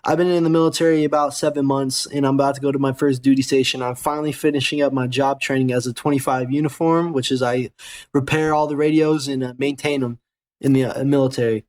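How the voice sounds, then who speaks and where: A man's voice: mid-range voice, fairly even intonation, fast, a little mellow. A young American man hosting a gaming channel, telling a casual, rambling, profane story with self-corrections. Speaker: gaming channel host and soldier.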